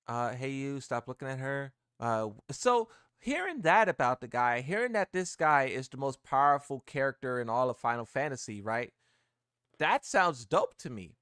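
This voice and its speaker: A man's voice: medium pitch, very animated, moderate pace, fairly bright tone, clean tone, no room sound, clean studio sound. A man streaming live and reacting casually to gaming posts, rambling, repeating himself and using slang.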